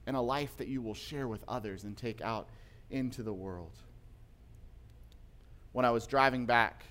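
A man's voice: on the low side, a bit bright. A man giving a sermon, retelling a story at length and acting out the voices of the people in it. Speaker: preacher.

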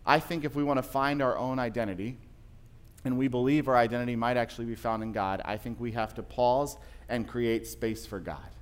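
Man, pastor, sermon, conversational storytelling, emphatic at times, mid-pitched voice. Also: steady tone, a little fast, smooth.

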